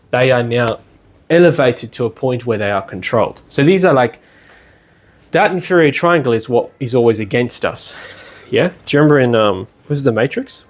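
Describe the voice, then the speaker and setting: A man teaching a class at a study centre in a relaxed, conversational way, often checking in with the room with "yeah?" and "you know". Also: medium pitch. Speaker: lecturer at a spiritual study centre. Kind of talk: casual classroom lecture. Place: indoor classroom.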